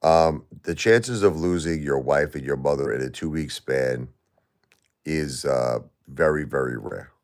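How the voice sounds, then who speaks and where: A middle-aged man live-streaming while grieving, talking to his chat in halting, repetitive, emotional bursts. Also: very deep voice.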